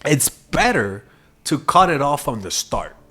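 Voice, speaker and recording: A man's voice: mid-range voice, sing-song, unhurried, fairly bright tone, breathy edge, soft background music. Young guy giving dating advice, swears a lot, voice jumps all over, laughs at his own stories. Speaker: dating coach. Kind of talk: casual monologue.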